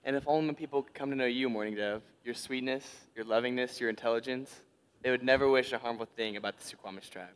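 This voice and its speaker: A man's voice: mid-range voice, steady tone, quick pace, clear, resonant tone, lightly acted. A teenage boy playing an earnest young tribesman who courts a woman, on a church stage. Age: teens. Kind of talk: live stage acting.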